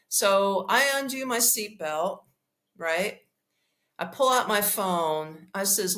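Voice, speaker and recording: A woman hosting a podcast, telling a story in a blunt, profane, animated way and acting out the dialogue. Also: fairly high pitch, moderate pace. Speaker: podcast host. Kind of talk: casual storytelling monologue.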